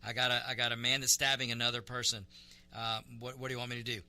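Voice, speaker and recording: A man's voice: mid-range voice, flat delivery, fast talker, pushed and bright. A man acting out a flustered male police officer who pleads and grows exasperated, in a comic bit on a talk show.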